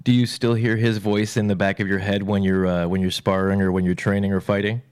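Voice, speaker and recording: A man's voice: fairly low pitch, flat delivery, a little fast, a little mellow, clean tone. A man interviewing a guest, with short questions and brief agreeing remarks.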